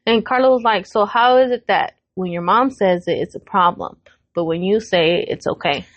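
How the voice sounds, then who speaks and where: A podcast co-host in her thirties speaks at normal speed in a mid-range voice, with no echo, as she casually shares a family story. Her retelling is animated, full of quoted voices and frequent swearing.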